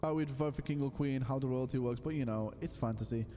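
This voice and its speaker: A young man giving playful, excitable live commentary while streaming a game, full of loud exclamations and silly voices. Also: mid-range voice, fast, long reverb tail, slight background noise.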